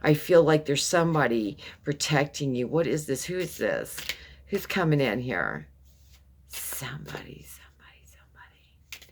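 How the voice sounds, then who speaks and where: A woman's voice: deep voice, sing-song, moderate pace, slight background noise. A woman giving a casual, affectionate tarot reading, calling the listener baby and often repeating herself. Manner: rambling, repeats words and restarts. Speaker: tarot reader.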